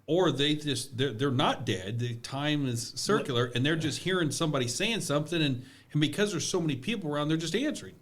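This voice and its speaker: Man, podcast co-host, higher pitch, speculative, casual talk. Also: animated, brisk, few pauses. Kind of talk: casual chat.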